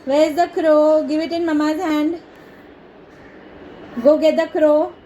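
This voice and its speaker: A young Indian woman with an Indian English accent, coaxing her toddler in slow, sing-song baby talk and making animal sounds. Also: high-pitched, little pitch movement, dark tone, slight background noise, rough recording. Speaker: mother teaching her toddler.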